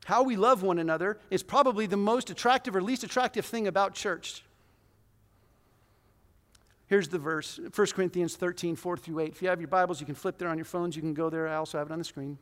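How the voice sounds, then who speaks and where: A man in his forties preaching a conversational, self-deprecating sermon in a church hall, with sudden loud bursts. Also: high-pitched, moderate pace, pauses often. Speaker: pastor.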